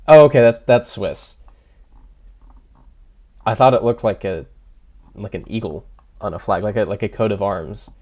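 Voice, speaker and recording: A man with a fairly low, darkish voice talks a little slowly and pauses often. He's streaming a game, thinking aloud, reading chat and chatting with viewers while making fun of himself in casual livestream commentary.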